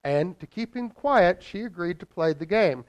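A man delivers a morning sermon with a somewhat higher voice than most men. He tells a parable in a lively, expressive way, letting his loudness rise and fall for emphasis. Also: normal speed, lo-fi sound. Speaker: minister.

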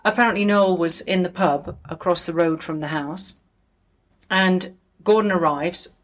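A woman telling an anecdote from her own life in a relaxed, chatty way. Her voice sits a little low, and she wanders into asides and fillers as she goes. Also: measured pace. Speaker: storyteller. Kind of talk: casual anecdotal storytelling.

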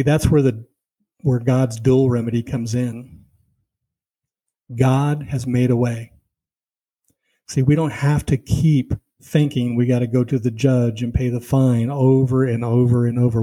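A man's voice: mid-range voice, steady tone, measured pace, warm tone, low-quality recording. A man teaching a Bible lesson in a conversational way, telling personal stories and driving his points home with "see" and "you know.".

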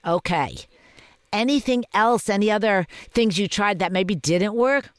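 Calm, affirming woman coaching a parent. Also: mid-range voice, measured pace, clear, resonant tone, no room sound, studio quality. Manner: calm, affirming, gently guiding. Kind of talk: podcast coaching session.

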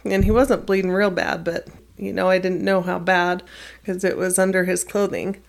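A woman teacher calmly recounting a personal experience in an interview, measured and plain-spoken. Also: fairly low pitch, gravelly. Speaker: middle school math teacher.

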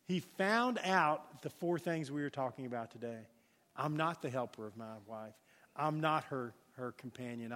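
A man preaching a sermon as pastor, telling a story with lively emphasis and dropping to a hushed tone for prayer. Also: medium pitch, in a large hall.

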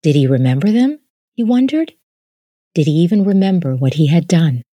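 Woman with a low voice reading a story aloud, calm and measured, dry close sound. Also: no echo. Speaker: narrator. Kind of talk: scripted storybook narration.

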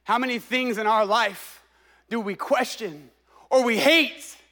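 A man's voice: very high voice, a little slow, pushed and bright. A man preaching a sermon with passion, exclaiming and repeating phrases for emphasis.

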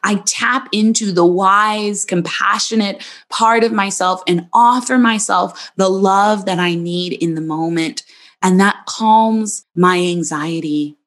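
A woman hosting her own podcast, speaking in a gentle, soothing, reflective monologue. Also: mid-range voice. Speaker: podcast host and psychologist.

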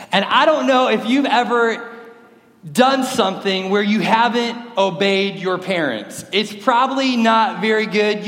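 A man's voice: high-pitched, a bit bright. A middle-aged man preaching a sermon to a congregation in a church sanctuary, talking in a conversational, joking way. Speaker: pastor. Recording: roomy hall with long reverb.

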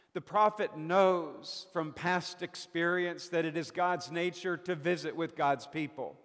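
A man preaching a sermon as a pastor, slow and deliberate with dramatic pauses, recorded in a church sanctuary. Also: a little high, fairly bright tone. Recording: long hall reverb.

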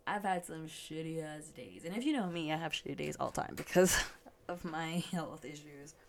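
A young woman talks loosely into her podcast mic, with a gravelly edge and a fairly low voice. She swears freely, laughs often, and sounds a bit stuffy and yawny. A faint hiss sits behind her. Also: normal speed. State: yawning, stuffy sinuses. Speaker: podcast host. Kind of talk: casual solo podcast chat.

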